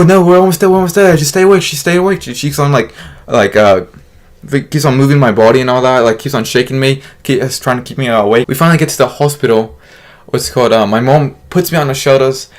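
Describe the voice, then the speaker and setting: Young man, casual storytime, rambling, lots of fillers, acts out quotes. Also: medium pitch.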